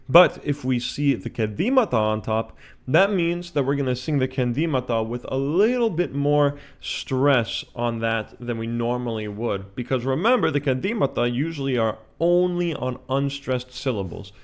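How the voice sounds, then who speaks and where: A man teaching a video chant lesson, explaining patiently and often checking in with "all right?". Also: mid-range voice.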